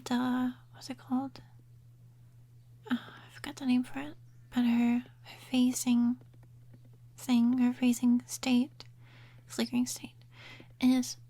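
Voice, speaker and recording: Woman, soft-spoken ASMR chat, whispery, slow and unhurried delivery. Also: fairly high pitch. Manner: whispery and mumbly, with trailing restarts. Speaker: ASMR gaming creator. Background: quiet rain sounds.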